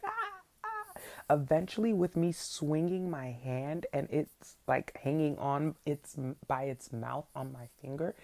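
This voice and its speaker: A young adult woman, a podcast host, telling a childhood story in a casual, animated way and acting out her younger self. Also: deep voice, vocal fry.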